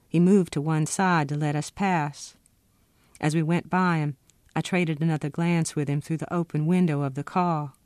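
A woman's voice: deep voice, no room sound. Woman author reading her novel, dry and close. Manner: steady, expressive first-person narration.

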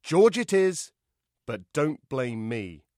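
A man's voice: fairly high pitch, big pitch swings, slow, a little mellow, dry recording, clean studio sound, pitched above the performer's own voice. A man voicing a haughty, petulant young woman who pouts and sighs theatrically. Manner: pouting, theatrical.

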